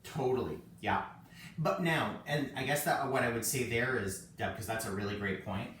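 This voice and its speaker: A man guides a relaxed yoga session in a very echoey room, heard from a camera mic set well back. His talk is loose and chatty, full of little self-deprecating jokes, with a faint hiss under it. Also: mid-range voice, moderate pace, far from the mic. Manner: chatty and self-joking, laughs often. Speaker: yoga teacher. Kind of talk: casual live-streamed yoga class.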